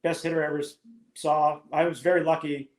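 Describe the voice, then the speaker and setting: A man's voice: fairly high pitch, little pitch movement, fast, a little mellow. A man in his fifties, a former ballplayer, telling rambling, anecdotal stories as a podcast guest. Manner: rambling, anecdotal, with many restarts. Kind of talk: casual storytelling chat. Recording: echoey room.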